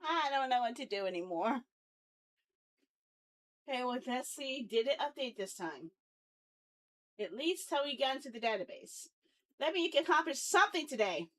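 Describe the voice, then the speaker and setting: A woman's voice: high voice, big pitch swings, moderate pace, pauses often, fairly bright tone. A woman live streaming as she works on her site, muttering to herself, swearing and repeating herself. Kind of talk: casual live stream while coding.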